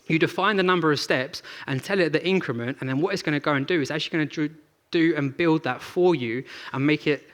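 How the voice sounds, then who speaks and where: Young guy on a theatre stage, chatty presenter, fillers everywhere, a bit high voiced. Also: fast, a bit bright. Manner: chatty, storytelling, frequent fillers and restarts. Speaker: presenter at a tech event. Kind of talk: live stage presentation with product demo.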